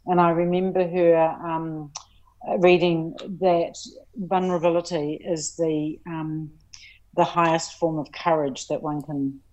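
A woman with a fairly low voice shares personal reflections as an interview guest. She speaks earnestly and haltingly, with frequent fillers and restarts. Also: flat delivery, a little mellow, lo-fi sound.

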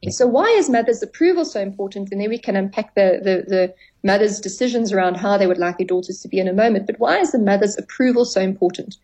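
Speaking fast with a medium pitch and a somewhat dark tone, this female therapist is a guest on a radio show. She gives long explanations and performs exchanges with her clients, all captured on a low-quality recording.

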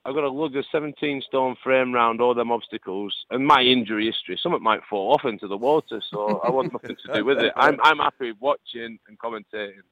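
A man's voice: medium pitch, quick pace, few pauses. A man in his late thirties with a Lancashire accent, a guest chatting on a radio show, jokey and prone to repeating words. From England. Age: 30s. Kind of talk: casual radio chat. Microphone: phone. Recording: tinny phone line.

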